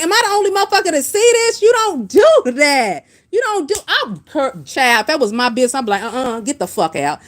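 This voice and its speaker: A woman hosting a casual commentary stream, blunt and profane, reacting to viewers' comments as she talks. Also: a little high. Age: adult with a master's degree. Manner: blunt, profane, animated, reads chat comments aloud. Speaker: commentary channel host.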